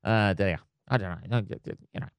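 A man hosting his own podcast, ranting casually with lots of swearing and trailing off into low mutters. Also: a little fast, creaky, smooth, no room sound, clean studio sound. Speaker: podcast host. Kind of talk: casual solo rant.

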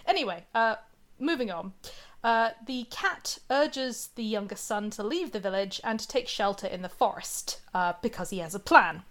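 A woman's voice: mid-range voice, expressive, moderate pace, fairly bright tone. A woman retelling a fairy tale in casual chat, with lots of fillers, asides and giggles.

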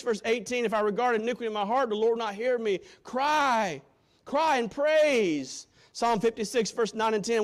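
A male preacher giving a sermon, quoting scripture in old-fashioned wording and swinging from shouted appeals to hushed, quiet lines. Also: high-pitched. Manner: impassioned, swinging from loud shouting to hushed tones.

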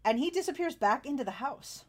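Fairly high-voiced woman game master. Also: animated, a little fast. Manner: chatty, laughs often, many fillers. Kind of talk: narrating a tabletop game.

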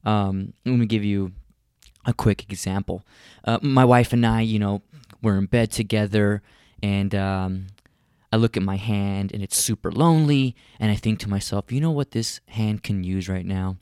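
A man's voice: lowish voice, fairly even intonation, normal speed, darkish tone, clear, resonant tone, no room sound, clean studio sound. A man in his thirties ranting in a comic monologue, rambling and profane, with exaggerated complaining. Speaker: comedian.

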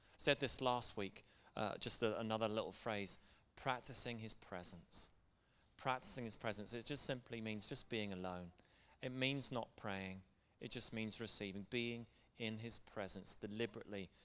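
A man's voice: fairly low pitch, a bit bright, smooth. A middle-aged man preaching a sermon as pastor, speaking in an earnest, conversational way. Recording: long hall reverb.

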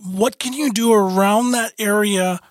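A man in a casual debate, telling a story in an animated way and restarting his sentences often. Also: high-pitched, unhurried, no echo.

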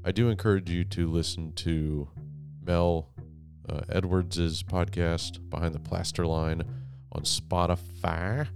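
A man hosting a podcast, rambling and self-deprecating, talking quietly in a home office. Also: deep voice, little pitch movement, takes it slowly, gravelly, soft background music. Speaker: podcast host. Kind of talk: casual monologue. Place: wife's office, speaking quietly.

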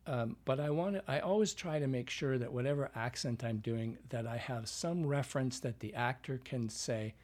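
Dialect coach, man from Canada, husky mid-range voice, chatty explainer who keeps tagging "right?". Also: mid-range voice, normal speed, few pauses, a little mellow. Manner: explanatory, often ends points with a questioning "right?". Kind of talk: casual interview chat.

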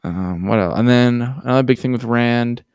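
A man's voice: medium pitch, moderate pace, darkish tone, clean tone, dry recording, studio quality. A man co-hosting a podcast, recapping loosely in a casual chat with slang. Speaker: podcast co-host.

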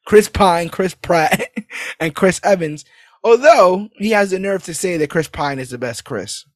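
A man recapping a movie in casual podcast chat, animated and laughing as he acts out lines. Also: high-pitched, a little slow, no room sound, studio quality. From New York City. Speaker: podcast co-host.

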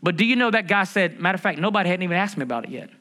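A male pastor preaching to his church in a high, bright voice. He talks in a lively, conversational way, full of rhetorical questions and humor. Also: very fast. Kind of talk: sermon. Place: church building.

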